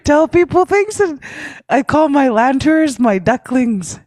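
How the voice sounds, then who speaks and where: Unhurried woman telling stories. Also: sits high, lively intonation, darkish tone, no echo. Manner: chatty, self-mocking, laughs often, tags lines with "eh?". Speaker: speaker at a leaders' caucus. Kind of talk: personal storytelling talk.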